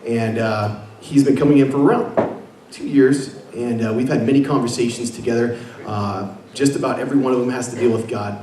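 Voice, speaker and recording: A young man from Washington State speaks as a guest, sharing an earnest testimony of his personal faith, full of fillers and restarts. His voice is medium in pitch with fairly even intonation and a slightly quick pace. He's in a meeting room before an audience, captured from a distant mic in an echoey space with faint noise.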